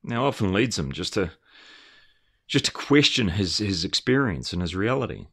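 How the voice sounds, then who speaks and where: A man's voice: on the low side, sing-song, moderate pace, pushed and bright, husky. A man giving a rambling, earnest and emphatic commentary, often restarting his phrases. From Australia.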